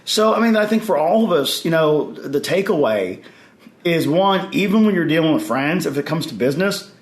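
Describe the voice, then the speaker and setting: A man's voice: on the high side, expressive, normal speed, reverberant. A man from Mississippi without a regional accent, chatting as a podcast guest in a rambling way with many restarts. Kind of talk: casual interview chat. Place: expo hall.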